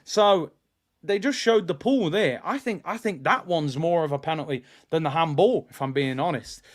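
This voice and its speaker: Young man, raised pitch, live match watch-along host, insistent and repetitive. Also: normal speed. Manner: animated, repeats himself, argues with chat. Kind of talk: casual live match commentary.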